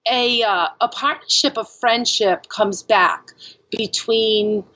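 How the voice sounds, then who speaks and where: A woman's voice: fairly high pitch, slow, sharp tone, muffled recording. A woman speaking as a podcast guest, telling her own story candidly and frankly, filling her speech with "like" and "you know.".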